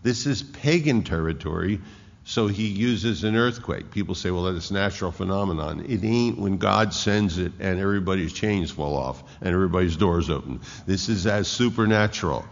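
A man preaching a sermon, reading scripture aloud and explaining it with slow emphasis and frequent restarts. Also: sits low, lively intonation, vocal fry. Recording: echoey hall, dull lo-fi sound.

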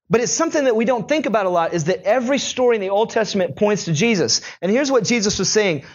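High-voiced male pastor preaching casually. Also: brisk, muffled recording. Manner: conversational, animated storytelling. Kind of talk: sermon.

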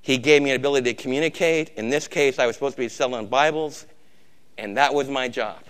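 A man preaching a sermon, emphatic, swinging from loud exhortation to a hushed, intimate tone. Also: mid-range voice, fast talker, clear, resonant tone.

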